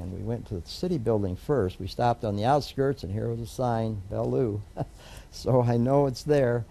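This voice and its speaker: A dark-toned, medium-pitched voice with vocal fry belongs to an older man, a judge from the United States being interviewed for an oral history. He tells a long family story at a moderate pace, barely pausing, rambling with many fillers and restarts.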